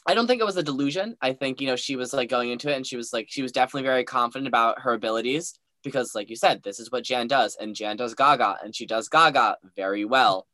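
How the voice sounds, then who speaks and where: A man's voice: medium pitch, fast, hardly any pauses, bright, forceful tone, dry recording. A young man co-hosting a casual recap chat, rambling and hedging, often restarting his sentences. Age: young adult. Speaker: co-host.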